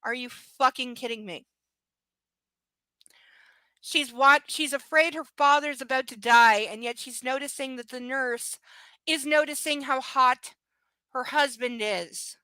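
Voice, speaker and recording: A woman's voice: high-pitched, a little slow, long pauses, pushed and bright, smooth, no room sound. A woman streaming a live book reading, breaking off into sarcastic, profane commentary. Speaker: livestream reader.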